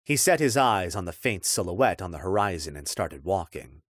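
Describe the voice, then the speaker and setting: A man narrating a dark fantasy audiobook in a measured, expressive storytelling voice. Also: low voice, no room sound.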